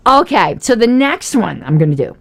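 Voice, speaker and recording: A woman's voice: fairly high pitch, sing-song, normal speed, creaky. A woman hosting a casual political commentary livestream, chatty and self-mocking, often laughing as she talks.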